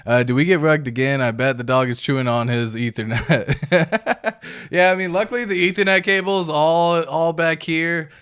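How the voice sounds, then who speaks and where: A man's voice: fairly high pitch, normal speed, a bit bright, smooth. A man hosting a casual crypto livestream, reading viewer comments aloud in a laid-back, slangy way and chuckling often.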